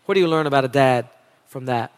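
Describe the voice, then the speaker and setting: A man preaching a sermon in an animated, dramatic way, moving between loud and soft delivery. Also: medium pitch, fast, clean tone, big-room sound. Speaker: pastor.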